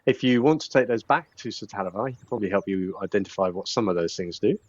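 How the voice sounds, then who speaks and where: A man running a tabletop role-playing game, talking in a chatty, laughing way full of fillers. His pitch rises and falls a lot. The sound is dull and lo-fi. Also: lively intonation, fast talker, dry recording. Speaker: dungeon master.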